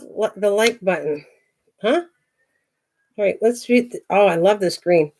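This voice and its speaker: A woman's voice: mid-range voice, measured pace, pauses often, darkish tone, slight background noise. An older woman hosting a craft livestream, chatting casually, thinking aloud and greeting viewers by name as she works. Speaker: craft channel host.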